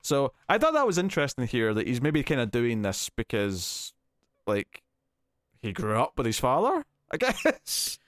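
A man's voice: medium pitch, wildly swooping pitch, normal speed, fairly bright tone, no echo. Man, casual podcast chat, hesitant, many restarts, dry close sound. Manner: rambling, hesitant, with frequent fillers and restarts. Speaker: podcast co-host. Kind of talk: casual film review chat.

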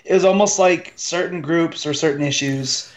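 A man co-hosting a casual film podcast, relaxed and agreeable, talking loosely with many fillers. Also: on the high side, normal speed. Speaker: podcast co-host. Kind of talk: casual film-discussion chat.

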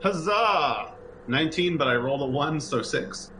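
A man's voice: fairly high pitch, lively intonation, normal speed, background noise. A man playing a tabletop game, calling out his rolls and actions eagerly. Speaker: player. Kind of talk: casual banter at a game table.

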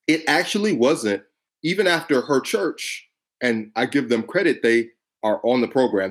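A man's voice: medium pitch, slightly rough. A man co-hosting a podcast, telling stories animatedly and swearing freely. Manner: animated, profane, storytelling with voiced quotes. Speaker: podcast co-host. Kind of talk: casual political chat.

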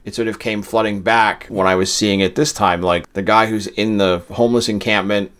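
A man's voice: lowish voice, steady tone, moderate pace, a bit bright, clean tone. A man from Massachusetts co-hosting a podcast, chatting casually and rambling through his thoughts with restarts. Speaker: podcast co-host. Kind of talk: casual chat.

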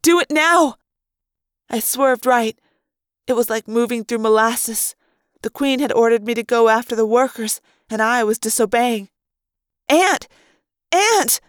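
A high-voiced woman reads a first-person novel aloud in a fan-made audiobook, narrating expressively. The sound is close and dry, with no room around it. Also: moderate pace, clean tone, no echo. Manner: expressive, acts out the dialogue. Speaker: audiobook reader.

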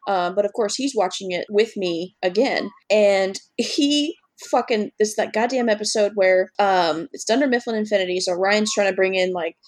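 A woman co-hosting a podcast in casual chat, animated, swearing often and acting out scenes. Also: mid-range voice, moderate pace, few pauses, dry recording. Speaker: podcast co-host.

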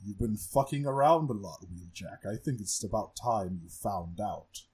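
A low, threatening robot warlord as a man puts him on. He drops well below his own voice and lets the menace sit in every word. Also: animated, normal speed, a little mellow, slightly rough. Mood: menacing.

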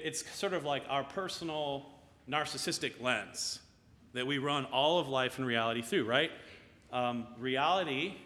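Male pastor, conversational sermon, bright voice a touch high, long echoing hall. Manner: conversational, often asks "right?".

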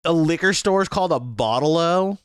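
A man's voice: on the high side, expressive, moderate pace, clean tone, no echo, studio quality. A man co-hosting a podcast in casual, joking chat. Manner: joking, reads out slang and review scores. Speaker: podcast co-host.

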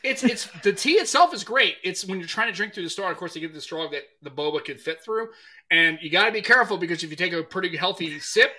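Bright high-voiced American man joking. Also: animated, fast talker. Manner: jokey, acts out quoted voices. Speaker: podcast co-host. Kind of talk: casual chat.

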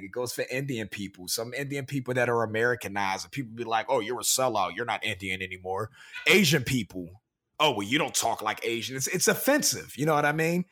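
A man's voice: medium pitch, a bit bright. A young man co-hosting a podcast, talking in an earnest, frustrated way about being stereotyped, with careful, proper-sounding speech. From Pennsylvania, USA. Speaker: podcast co-host. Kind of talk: casual podcast chat.

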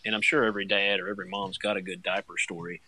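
A young man, a stay-at-home dad, telling a funny story in casual chat, getting animated and jumping high when he acts out his own panic. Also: very fast.

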